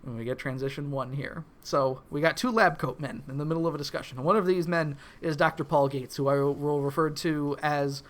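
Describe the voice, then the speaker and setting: A man's voice: a little high, steady tone, fairly quick, hardly any pauses. Wry, chuckling male podcast co-host. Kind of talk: casual episode recap chat.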